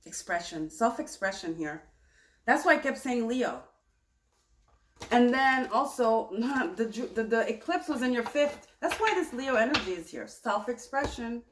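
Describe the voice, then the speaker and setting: A woman giving a tarot reading in a chatty, animated, self-correcting way. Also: fairly high pitch, measured pace, roomy sound, background noise. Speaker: tarot reader.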